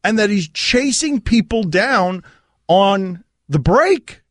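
A man hosting sports talk radio, riffing in an animated way on a studio mic. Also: sits high, slow pace, no room sound.

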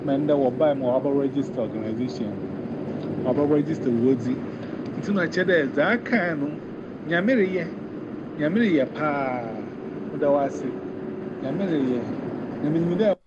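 A man's voice: on the high side, moderate pace, long pauses. A man with a Ghanaian accent in casual chat, rambling and switching between Twi and English. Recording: dull lo-fi outdoor recording with loud noise.

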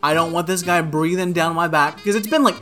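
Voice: mid-range voice, brisk. A podcast co-host telling a rant story in casual chat, swearing often and saying "like" constantly, over faint guitar music. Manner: profane, animated, peppered with "like".

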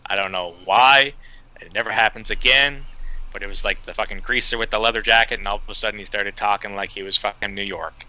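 A man co-hosting a film podcast, reading out his notes in a profane, deadpan way. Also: fairly low pitch, a little fast, rough recording. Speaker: podcast co-host reviewing a film.

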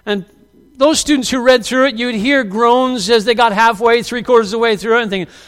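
A middle-aged man preaching from the pulpit with a high, smooth, resonant voice. He carries the congregation along as an animated storyteller, acting out the people he quotes. His words ring out with a long reverb, as in a large church hall. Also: brisk. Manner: animated storyteller who acts out quoted lines. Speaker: pastor. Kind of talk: sermon.

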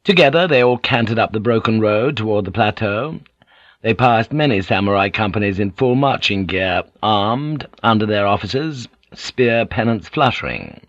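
Low-voiced man narrating an audiobook. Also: expressive, normal speed, a bit bright, no room sound. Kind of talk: scripted narration. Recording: dull lo-fi audiobook recording.

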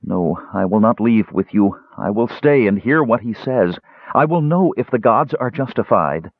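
A man's voice: fairly low pitch, lively intonation, normal speed, breathy edge, no room sound, voice pushed up. A man voicing an anguished young woman cleric who is doubting her faith, speaking in a trembling, pleading way. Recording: tinny phone-like dry sound.

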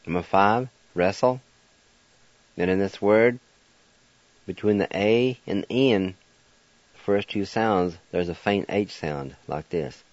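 The low, darkish voice of a patient male language teacher leads an unhurried radio lesson in which he spells words letter by letter and goes over each syllable again. The recording is dry and a bit dull, reminiscent of an old broadcast.

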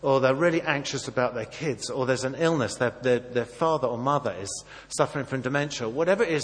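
A man preaching a sermon, acting out dialogue and swinging between soft and loud. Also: medium pitch, brisk, big-room sound. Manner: animated, acts out dialogue, varies volume widely.

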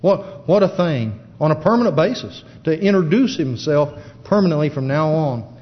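A man's voice: on the high side, expressive. Man preaching in a reverberant church. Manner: halting, plain-spoken Bible teaching with many fillers. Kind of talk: sermon. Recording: dull lo-fi church recording with long reverb.

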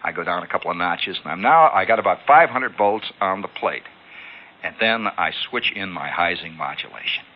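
A man hosting a radio show, telling a long story in an animated way and acting out sounds, heard on a lo-fi old broadcast. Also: low-pitched, normal speed, a little hiss or hum. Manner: animated, acts out sounds and callouts. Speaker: radio host. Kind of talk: spoken storytelling monologue.

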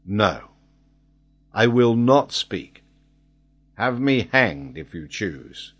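A man voicing a stubborn male quartermaster held prisoner aboard ship, his lowish voice defiant and clipped as he refuses to talk. An audiobook figure, firm and unyielding. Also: animated, slow.

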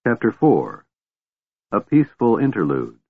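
A man narrating an audiobook in a measured storytelling way. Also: fairly low pitch, huge pitch swings, gravelly, husky, dry recording. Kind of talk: scripted narration. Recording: thin phone-like dry recording.

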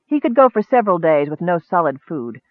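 A man narrating a fantasy story in steady, vivid audiobook style. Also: high voice, a little fast, no echo. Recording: dry, narrow phone-like sound.

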